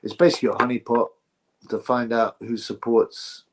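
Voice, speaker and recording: A man's voice: mid-range voice, little pitch movement, moderate pace, background noise. A man hosting a casual livestream, rambling sarcastically and answering chat messages. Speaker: livestream host.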